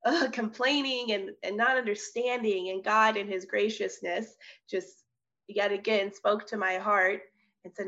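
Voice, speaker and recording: A young woman, a missionary, telling her personal testimony in an interview, earnest and animated, often laughing and restarting her sentences. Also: medium pitch, measured pace. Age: young adult. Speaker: missionary guest. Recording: slightly dull audio.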